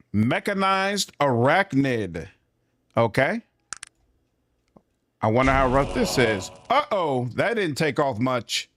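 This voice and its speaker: A man streaming a role-playing game, chatty and reactive, laughing often as he comments. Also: a little high. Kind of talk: casual gameplay commentary. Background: game music.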